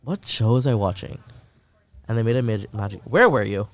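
A man's voice: on the low side, animated, moderate pace. A man co-hosting a podcast, bantering and swearing in casual chat.

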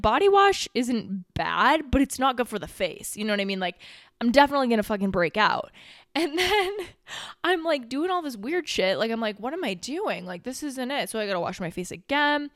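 In clean, dry studio sound, a twenty-something woman with a slightly high, bright voice hosts her casual solo podcast at normal speed. She is very animated and a bit breathless, rambling with plenty of "like" and frequent swearing.

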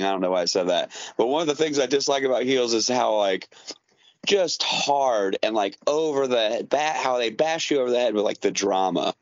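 A man's voice: medium pitch, no echo. Hesitant man, dry lo-fi sound. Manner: hesitant, hedging, self-correcting. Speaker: podcast guest, wrestler. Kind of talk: casual podcast chat. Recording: dry, dull lo-fi audio.

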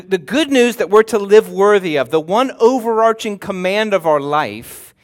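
A pastor preaches with a fairly high, bright-edged voice. He is earnest and emphatic, often doubling words as he restarts, then slows right down to hammer home the important phrases. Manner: slows down and presses hard on key words. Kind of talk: sermon.

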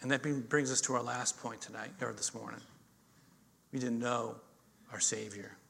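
A middle-aged male pastor preaching a sermon, telling stories with swings between loud emphasis and quiet intensity. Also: mid-range voice, steady tone, moderate pace, gravelly, slight background noise.

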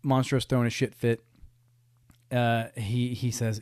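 A young man holding forth on his podcast, wry and swearing freely as he rambles through stories with plenty of restarts. His voice sits at an ordinary middle pitch. The sound is close and dry, with no room around it. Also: level tone, unhurried, long pauses, darkish tone, smooth, no room sound. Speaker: podcast host. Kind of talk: casual storytelling monologue.

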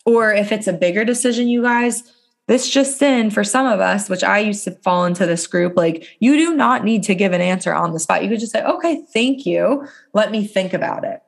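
A young woman co-hosting a podcast, talking casually and chattily with lots of "like" and animated asides. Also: medium pitch, fairly quick, gravelly. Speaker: podcast co-host, dietitian.

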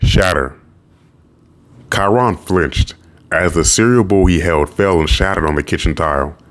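A man narrating a novel audiobook in a steady storytelling voice. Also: low voice, measured pace.

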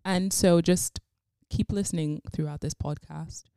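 A young woman with a low, fry-edged voice interviews a friend on a podcast. She chats in long bubbly runs and giggles often, and the close mic gives a dry sound with no room. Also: steady tone, a little slow, dark tone, no room sound. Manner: bubbly, giggly, talks in long run-on stretches. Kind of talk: casual podcast chat.

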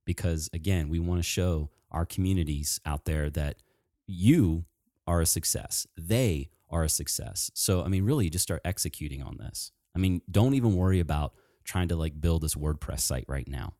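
A man speaking in a low, mellow voice, excitable and quick to get carried away as he chats on a podcast. The sound is dry and close, with no room around it. He encourages listeners enthusiastically. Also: dry recording. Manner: excitable, animated, talks fast. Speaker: podcast host. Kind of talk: casual chat.

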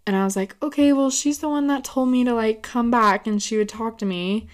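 A young woman telling stories in a casual, chatty monologue, animated and rambling off on tangents. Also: fairly high pitch, a little fast.

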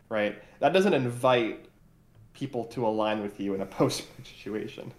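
Man with a low voice in an echoey room. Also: unhurried. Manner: hesitant, many "uh" fillers. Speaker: podcast co-host. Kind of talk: casual recap discussion.

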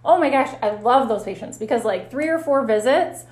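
A woman physical therapist telling stories in a casual interview, animated and quick to laugh. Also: fairly high pitch. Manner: animated, laughs often, acts out her own reactions. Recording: roomy echo.

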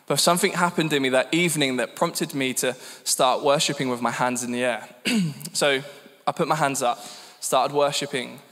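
A man's voice: medium pitch, normal speed, fairly bright tone. A man in his thirties from England giving a candid, self-deprecating personal testimony at a church gathering. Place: church hall. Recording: long reverb in a church hall.

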